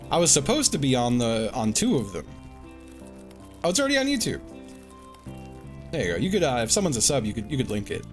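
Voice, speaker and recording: A man's voice: medium pitch, wildly swooping pitch, a little fast, long pauses, soft background music. A man streaming live, chatting casually to his viewers, swearing freely and laughing often.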